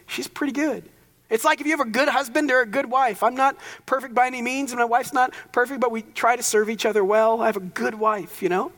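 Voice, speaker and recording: A man's voice: very high-pitched, a bit bright, big-room sound. A young man preaching a sermon as pastor, casual and conversational, with joking asides.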